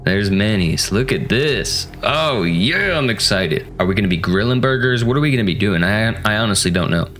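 The host of a gaming channel commentates casually on a horror game, cracking jokes and playfully addressing the characters. His lowish voice is a bit bright and brisk, with few pauses. A little hiss or hum is audible.

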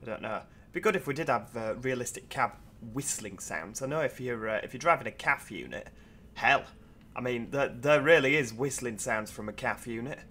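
Tired male streamer, mid-pitched, casual rambling commentary with a faint hum behind him. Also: animated, moderate pace, a bit bright. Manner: chatty, rambling, self-deprecating asides. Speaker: train sim video host.

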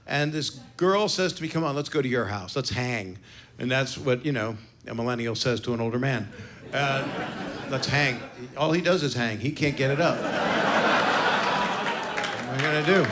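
This comedian, a man in his sixties, has a voice on the high side with a slightly bright edge. Performing before a live audience at a comedy club, he runs a profane, brash set on a stage mic, needling the crowd between stories, and the recording picks up lots of club noise.

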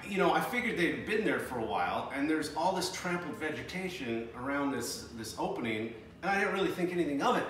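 A man tells a nerve-wracking story in casual chat, his voice a bit higher than most and rising as he gets carried away. He sits back from the mic in an echoey room with a faint hiss behind him. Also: fairly quick, few pauses, distant mic. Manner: animated, laughing while retelling a scare. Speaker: treasure hunting team member.

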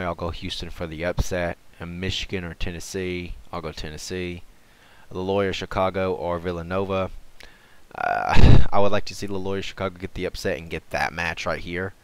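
A man with a low, smooth, clean voice talks over a screen recording in a relaxed, thinking-aloud way. He hesitates often, fills gaps with "uh" and "um", and corrects himself as he goes. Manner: unhurried, hesitant, lots of fillers and self-corrections. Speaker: gaming and sports channel host. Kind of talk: casual thinking-aloud commentary.

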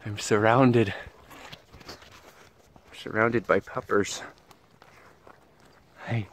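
A man vlogging outdoors on a ranch into a handheld camera, tired and sweaty, cooing excitedly at puppies. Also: very slow, slight background noise. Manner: excited, coos at puppies in a high voice. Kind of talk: casual vlog.

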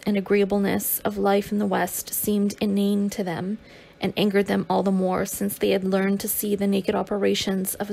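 A woman's voice: mid-range voice, gravelly, darkish tone. A woman narrating a memoir as an audiobook, with occasional stumbles and restarts.

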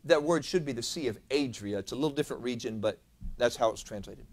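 A man preaching a sermon as pastor, moving from quiet, low lines to loud, emphatic peaks. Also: expressive, fast talker. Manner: dynamic preacher, swinging from soft lows to loud emphatic peaks. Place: church sanctuary.

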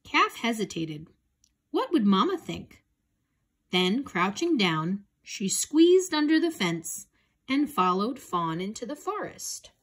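A woman reading a children's picture book aloud in a gentle, expressive way. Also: medium pitch, takes it slowly. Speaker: storybook reader.

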